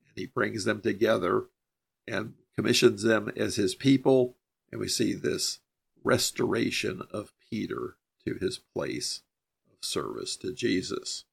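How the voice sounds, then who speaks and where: A man's voice: lowish voice, vocal fry, husky. A man teaching a Bible passage verse by verse on a podcast, explaining each verse plainly and then driving home the key points.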